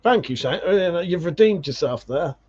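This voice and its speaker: A man's voice: on the high side, expressive, fairly quick, a little mellow, husky, muffled recording. A man hosting a livestream, chatting casually and reading out viewer comments, swearing freely and calling people mate. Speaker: livestream host.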